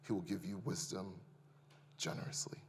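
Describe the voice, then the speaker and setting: A pastor in his thirties preaching a sermon to his congregation, calling them "y'all" and moving from quiet reflection to loud, impassioned testimony. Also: deep voice, little pitch movement, moderate pace, big-room sound. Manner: builds from hushed to loud and impassioned.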